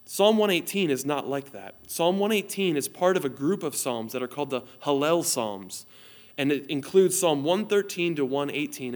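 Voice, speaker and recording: Recorded for online viewers, this sermon comes from a pastor in his thirties whose voice is on the high side, slightly above the usual male range. He earnestly tells stories and reads scripture aloud.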